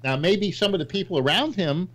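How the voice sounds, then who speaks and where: A man arguing on a political panel, halting and full of fillers as he defends his side. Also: high voice, expressive, noisy background. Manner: halting, argumentative, many fillers. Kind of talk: heated political debate.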